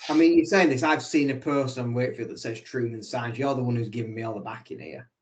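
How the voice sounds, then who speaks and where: A man's voice: mid-range voice, quick pace, a little hiss or hum. A man co-hosting a casual sports podcast, teasing his co-host and working through theories in a wry, analytical way. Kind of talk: casual chat.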